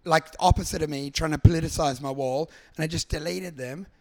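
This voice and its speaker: A man's voice: fairly high pitch, a little fast, a little mellow. A man, a comedian riffing in casual podcast chat, rambling and sweary. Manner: rambling, sweary, mock voices for imagined people. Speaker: podcast guest.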